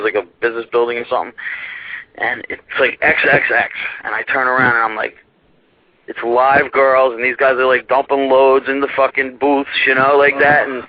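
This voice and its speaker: A man's voice: medium pitch, dry recording. Rambling, profane young man telling a story. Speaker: guest. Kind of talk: casual storytelling. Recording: muffled dry internet radio.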